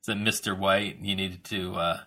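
A man's voice: low voice, little pitch movement, normal speed, bright, forceful tone. A man co-hosting a podcast in casual chat. He talks in a laid-back way and hesitates often. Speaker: podcast co-host.

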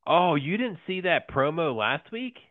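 A man co-hosting a casual podcast, talking haltingly with lots of fillers and frequent laughs. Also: on the high side, very animated, no echo. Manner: halting, many fillers and restarts, laughs often. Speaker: podcast co-host. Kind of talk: casual wrestling podcast chat. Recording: tinny phone-like line, dry.

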